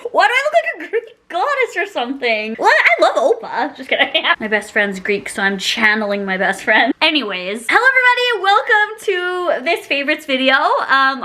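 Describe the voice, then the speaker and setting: Young woman beauty vlogger, casual chat to camera, giggly and rambling, slightly high bright voice. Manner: giggly, rambling, self-mocking. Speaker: beauty YouTuber.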